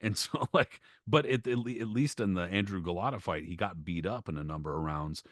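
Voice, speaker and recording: A man's voice: deep voice, brisk, no echo, studio quality. A man co-hosting a podcast about boxing history, talking in laid-back, profane banter. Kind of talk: casual podcast chat.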